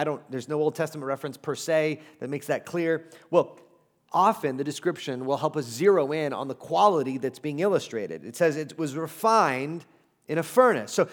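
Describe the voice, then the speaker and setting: A pastor preaching a sermon to his congregation, conversational and emphatic, with asides and humor. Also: a little high.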